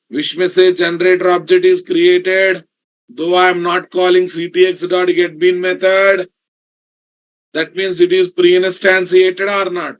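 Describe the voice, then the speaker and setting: A male programming instructor, speaking at a slow, deliberate pace in a fairly high voice. He repeats each point and keeps addressing his students directly as he codes. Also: flat delivery. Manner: repeats points, addresses class as guys and boss. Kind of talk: live coding lesson.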